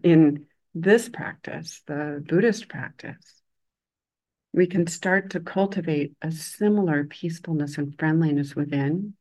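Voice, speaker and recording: A woman giving a Buddhist dharma talk in a gentle, conversational way. She pauses often and lets phrases trail off. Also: low voice. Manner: uses a loud, bright voice for quoted speech. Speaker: Buddhist meditation teacher.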